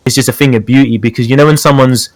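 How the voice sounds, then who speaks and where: A man's voice: medium pitch, fairly even intonation, rapid-fire, dry recording. A man with a British accent, a guest specialist chatting casually through a fighting-game tutorial with many fillers and repeated words. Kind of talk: casual gaming tutorial chat.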